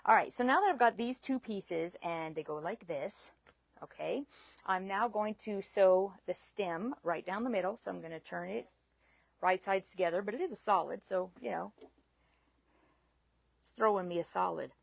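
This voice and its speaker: Woman sewing on a live stream, talks casually and laughs at herself, bit of vocal fry, dry close sound. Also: mid-range voice, normal speed, no echo. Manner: chatty, self-deprecating, laughs at herself. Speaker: sewing instructor.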